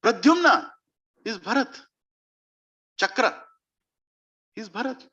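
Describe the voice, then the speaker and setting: A man preaching, telling a sacred story in an animated way and asking his audience questions. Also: fairly high pitch, moderate pace, lo-fi sound. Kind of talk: storytelling sermon.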